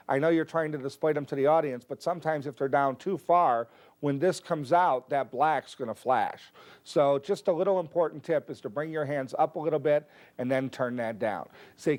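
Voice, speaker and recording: Man explaining a card trick, fairly high voice. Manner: relaxed, explanatory, steps through moves one by one. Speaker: magic teacher. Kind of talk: instructional explanation with performed patter.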